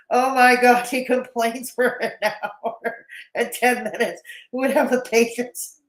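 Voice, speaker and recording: A woman's voice: a little high, steady tone, measured pace. A woman streaming live, reacting to a video with sarcastic commentary, laughing often and chatting with her viewers. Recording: roomy echoey room.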